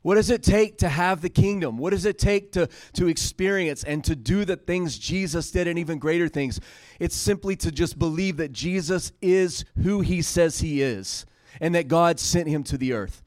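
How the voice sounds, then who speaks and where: A man's voice: on the high side, moderate pace, a little mellow, dry recording. A man preaching a sermon, retelling scripture in casual paraphrase and building to emphatic peaks.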